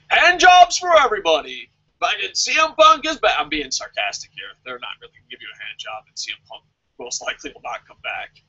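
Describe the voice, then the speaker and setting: Bright-voiced, sarcastic man ranting. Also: a little high, slightly rough, lo-fi sound. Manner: animated, sarcastic and profane. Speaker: wrestling vlog host answering viewer questions. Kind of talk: casual opinionated commentary.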